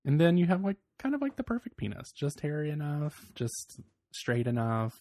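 A man's voice: big pitch swings, moderate pace, mellow, no echo. Gossipy man co-hosting a podcast, dry sound. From Virginia. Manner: giggly and gossipy, slips into high mocking voices. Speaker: podcast co-host. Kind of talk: casual podcast chat.

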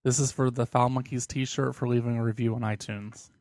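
A man's voice: mid-range voice, little pitch movement, fairly quick, darkish tone, no echo, clean studio sound. A young man co-hosting a casual podcast, playful and giggly. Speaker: podcast co-host.

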